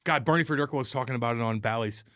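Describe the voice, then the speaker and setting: A man co-hosting a sports podcast, telling stories in a loud, animated, profane way. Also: medium pitch, rapid-fire, no echo, studio quality. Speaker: podcast co-host. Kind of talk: casual sports chat.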